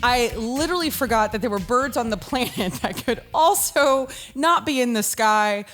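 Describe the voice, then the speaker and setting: A woman, hosting a talk show and telling comedic stories in an animated way. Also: a little high, moderate pace, faint music behind. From Southern United States. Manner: animated storyteller, bursts into shouts. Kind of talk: comedic monologue.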